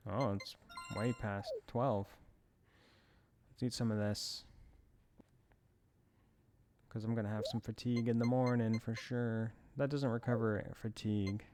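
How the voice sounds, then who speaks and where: A man's voice: fairly low pitch, fairly even intonation, measured pace, long pauses, darkish tone, faint music behind. A man giving casual commentary as he plays a farming game, rambling with self-amused asides. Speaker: let's play host.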